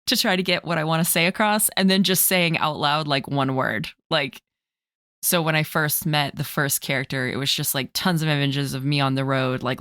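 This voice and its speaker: A woman's voice: deep voice, no echo, studio quality. A woman player chatting about a tabletop game, telling stories with lots of laughter. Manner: chatty, laughs often, animated storytelling. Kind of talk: casual podcast chat about a game.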